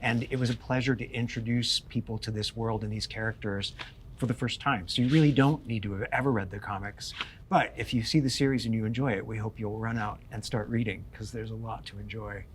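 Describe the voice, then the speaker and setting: Man, showrunner, measured and articulate, faint noise behind. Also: fairly low pitch, fairly even intonation. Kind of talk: panel discussion.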